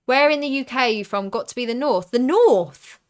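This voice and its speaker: A woman's voice: a little high, quick pace, fairly bright tone, clean tone. A young woman with a southern English accent, chatting on a live stream as she opens card packs and reads out viewer comments. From southern England.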